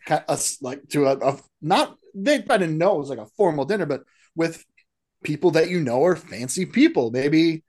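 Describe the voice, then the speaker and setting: A man's voice: a little high, expressive, normal speed, a little mellow. A man co-hosting a podcast, trading jokes in casual banter about a film. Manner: joking banter. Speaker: podcast co-host. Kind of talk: casual film-review chat.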